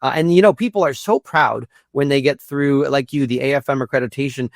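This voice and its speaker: A man speaking as a guest in a conversational interview, earnest and prone to repeating words as he thinks, with a gravelly voice. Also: medium pitch, brisk, no room sound, clean studio sound. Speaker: guest, institute executive director.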